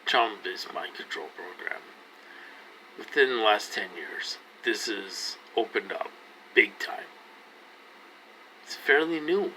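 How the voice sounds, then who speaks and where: A man's voice: mid-range voice, animated, takes it slowly, pushed and bright, a little hiss or hum, low-quality recording. A man in his forties talking straight to his viewers, earnest and pleading, circling back to the same points over and over. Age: 40s. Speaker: vlogger. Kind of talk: casual direct-to-camera talk.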